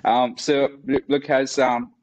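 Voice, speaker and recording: A man from Mauritius with a French accent, French his first language, a martial arts instructor chatting as an interview guest, laughing often and pausing with fillers. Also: mid-range voice, level tone, darkish tone, rough recording. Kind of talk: casual interview conversation.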